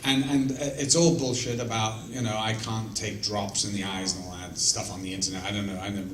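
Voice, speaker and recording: Fielding fan questions in a large convention room full of audience, a man with a lowish voice talks fairly quickly in a flat delivery. His casual Q&A is full of blunt, profane, self-deprecating stories, recorded from a distance with roomy echo and faint noise.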